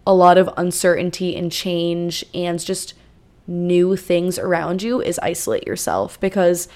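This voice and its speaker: A woman's voice: fairly low pitch, a little slow, darkish tone. Chatty young woman hosting an advice podcast. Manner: chatty, conversational, frequent fillers and asides. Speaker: podcast host. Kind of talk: casual advice monologue.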